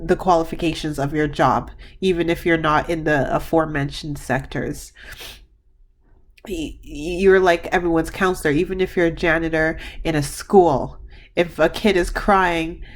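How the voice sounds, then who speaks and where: Low-voiced woman giving a card reading. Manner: gushing, emotional, rambling with many restarts. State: tearful. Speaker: tarot card reader. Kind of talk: pick-a-card reading to camera.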